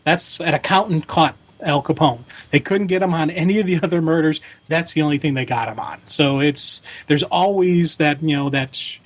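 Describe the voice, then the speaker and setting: A man co-hosting a fan podcast, talking in a casual, rambling way with lots of fillers and restarts. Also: on the high side. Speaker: podcast co-host. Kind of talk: casual chat.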